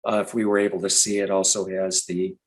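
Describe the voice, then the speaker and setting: A man from Michigan teaching about frogs in a relaxed, chatty live presentation, now and then imitating frog calls. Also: deep voice, quick pace, low-quality recording. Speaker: nature educator.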